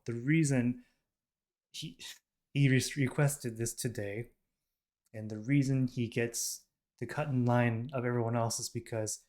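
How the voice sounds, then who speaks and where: A man's voice: medium pitch, a little mellow. A man from the United States, hosting a reaction channel, talking casually to camera with many ums and restarts. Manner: rambling, with many ums and self-corrections. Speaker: K-pop reaction channel host.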